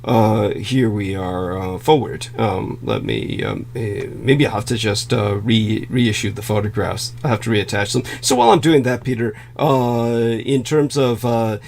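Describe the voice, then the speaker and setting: A man hosting a livestream discussion, who talks haltingly with many filler sounds and says he is losing his voice. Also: fairly low pitch, creaky, a little mellow, a little hiss or hum. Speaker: livestream host.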